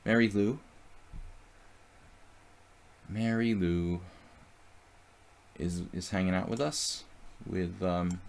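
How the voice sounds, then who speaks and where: Low-voiced man thinking aloud over chess. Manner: thinks aloud about moves and chats with viewers. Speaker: chess streamer. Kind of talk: live chess commentary.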